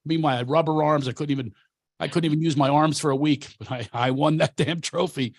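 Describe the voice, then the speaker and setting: A man's voice: on the high side, steady tone, quick pace, no room sound. A comedian and coach from Philadelphia, a man telling brash, self-mocking stories in casual chat.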